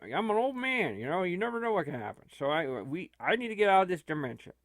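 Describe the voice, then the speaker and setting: Brief: man doing a stammering old man in a panic, lively swooping pitch, bone-dry sound. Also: fast, no room sound, heavily acted. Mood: urgent. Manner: rambling, stammering. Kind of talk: comic improvised role-play.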